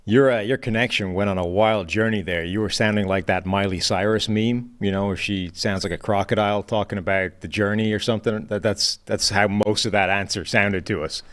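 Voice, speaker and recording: A man with a fairly low voice hosts a football discussion. He sounds measured and analytical, working through each player in turn. His delivery stays casual and conversational. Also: fairly even intonation, fairly bright tone, clean tone. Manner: measured and analytical, lays out points one by one. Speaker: show host and football analyst.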